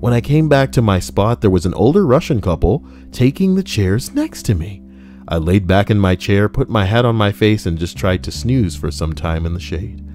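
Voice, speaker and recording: A lowish, slightly mellow male voice, very animated and at a moderate pace, reads internet posts aloud while joking about them. This reddit story reader and streamer swears a lot, adds asides, and breaks into laughter and mock voices during a casual live reading with commentary. Light guitar music plays underneath.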